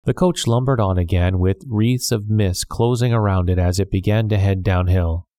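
Man narrating a storybook, measured clear reading, mellow low voice. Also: no room sound, studio quality. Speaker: audiobook narrator.

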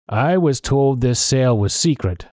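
A man's voice: mid-range voice, animated, measured pace, darkish tone, no room sound, studio quality, lightly acted. A man reading as a stern, blunt sea captain. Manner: curt and plain-spoken. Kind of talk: storybook reading.

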